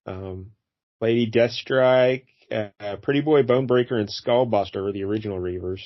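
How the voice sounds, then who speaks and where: A man's voice: fairly low pitch, moderate pace, dull audio. A man hosting a casual comic book review, talking in a rambling way with many fillers and restarts. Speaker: podcast host.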